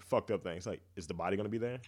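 A man's voice: low voice, fast talker, a crowd in the background. A man in his thirties co-hosting a podcast, rambling and swearing in loose banter. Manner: profane, laughing, rambling with restarts. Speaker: podcast co-host. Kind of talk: casual crude banter.

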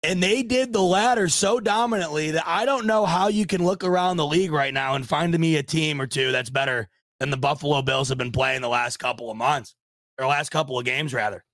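A man hosting a sports podcast, recapping a game as an excited fan with lots of stammered restarts. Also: fairly high pitch, brisk, no room sound. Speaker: podcast host.

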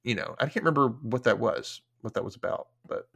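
A man's voice: mid-range voice, animated, brisk, creaky, breathy edge. A man hosting a podcast, casually recapping a TV episode in a chatty way, full of filler words and casual swearing. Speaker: podcast host.

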